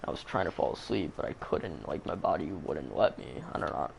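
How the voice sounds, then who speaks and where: A man's voice: rumbling low, expressive, fairly quick, slight background noise. A man telling a story in a casual, rambling way, swearing a lot and using plenty of fillers. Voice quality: creaky. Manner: rambling, profane, full of fillers.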